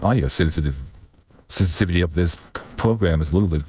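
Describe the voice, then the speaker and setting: A man's voice: deep voice, fast talker, a little mellow, slight background noise. A streamer testing his audio setup, rambling and muttering to himself and swearing under his breath. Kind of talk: casual self-talk while troubleshooting audio. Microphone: desk mic with noise gate.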